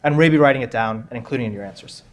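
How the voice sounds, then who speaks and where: A man's voice: mid-range voice, racing. Joking man hosting a live quiz. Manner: joking, chatty, repeats himself. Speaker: quiz host. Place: conference room with audience.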